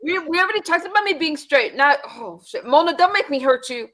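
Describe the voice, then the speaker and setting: A woman on a live online talk panel, firing back with loud, playful mock threats in casual banter over a computer mic on a call. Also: high-pitched, animated, fairly quick.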